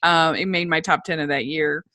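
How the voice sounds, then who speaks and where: A woman's voice: low voice, steady tone, moderate pace, sharp tone, dry recording. A woman in casual podcast chat, agreeable, with many yeahs and fillers. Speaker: podcast guest.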